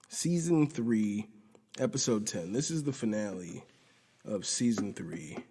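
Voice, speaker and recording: A man's voice: mellow, slightly rough. A man hosting a podcast, recapping a TV episode in a rambling, profane, casual way and quoting the characters as he goes. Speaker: podcast host. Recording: roomy low-quality audio from video.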